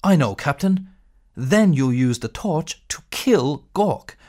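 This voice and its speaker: A man's voice: a little high, lively intonation, slow pace, a little mellow. A man voicing a nervous young spaceship crewman who speaks in an anxious, eager way.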